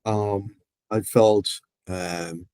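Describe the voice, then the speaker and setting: Man, client, hesitant ums, low voice, dry close sound. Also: steady tone, mellow, smooth, no echo. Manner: slow, reflective, hesitant with ums. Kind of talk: therapy session talk.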